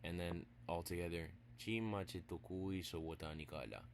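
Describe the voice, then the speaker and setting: A man giving a casual language lesson, playful and teasing, spelling words out slowly piece by piece and dropping into quiet asides. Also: deep voice, steady tone, a little hiss or hum. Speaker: language teacher.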